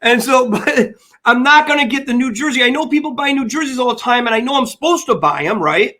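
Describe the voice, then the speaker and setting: A man's voice: very high-pitched, expressive, fairly quick, bright, forceful tone. An older man co-hosting a sports podcast, rambling and repeating himself as he banters and tells stories. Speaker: podcast co-host.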